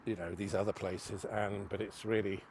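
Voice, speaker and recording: A man's voice: fairly low pitch, little pitch movement, moderate pace, creaky, darkish tone, slight background noise. A man giving a rambling, self-mocking walking tour outdoors on a city street, chatting to camera. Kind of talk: casual chat to camera.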